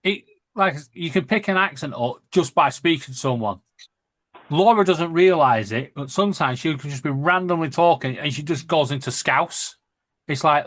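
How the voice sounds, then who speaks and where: A man with a northern English accent talks in easy, chatty bursts, often breaking into laughter. His voice sits a little high. The sound is dry and close, with no room around it. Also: moderate pace, a bit bright, no echo. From Lancashire, England. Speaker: podcast host. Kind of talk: casual chat.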